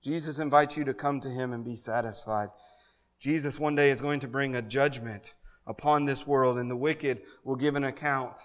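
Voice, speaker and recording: A male pastor preaching a sermon, moving between soft pleading and loud, fervent calls to come forward. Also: mid-range voice, fairly even intonation, moderate pace, big-room sound. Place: church sanctuary.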